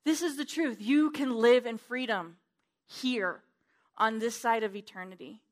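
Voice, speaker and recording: A woman preaching a sermon in a church, fervent and emphatic, swinging between loud declarations and hushed asides. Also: on the high side, a little slow.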